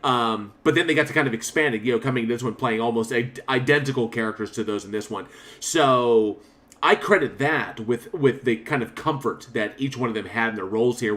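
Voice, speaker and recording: A man co-hosting a horror podcast in casual chat. His voice sits at an ordinary middle pitch. He rambles through his points, swears freely and laughs often. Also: a bit bright. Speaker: podcast co-host. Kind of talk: casual film review chat.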